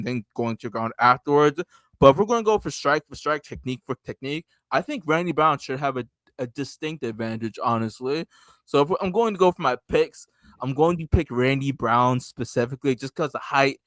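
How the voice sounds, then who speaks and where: A man co-hosting a casual sports podcast, animated and laughing, breaking his points into short bursts. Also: medium pitch, no echo. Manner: animated, laughing, acts out quotes. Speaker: podcast co-host.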